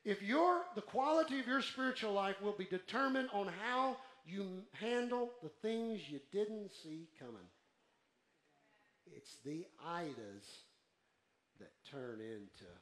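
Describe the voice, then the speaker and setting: A man preaching a sermon to a congregation, calling out for responses and building to shouts. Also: high-pitched, lively intonation, unhurried, echoey room. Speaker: pastor. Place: church.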